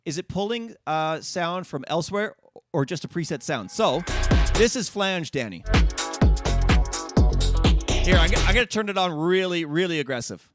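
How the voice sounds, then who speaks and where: A man's voice: sits high, lively intonation, moderate pace, pauses often. A man teaching DJ techniques on a live stream in a casual, explaining way, with frequent fillers and restarts. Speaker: DJ instructor. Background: dance music playing.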